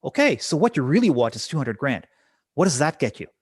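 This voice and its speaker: A man's voice: mid-range voice, big pitch swings, a little fast, husky, no echo, studio quality. A man putting on a male motivational speaker who questions an audience member on stage, upbeat and probing.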